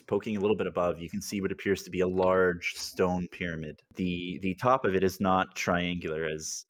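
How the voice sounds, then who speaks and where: A man's voice: low voice, fairly bright tone. A man narrating as game master of a tabletop role-playing game, laughing often. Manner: laughs often, puts on characters.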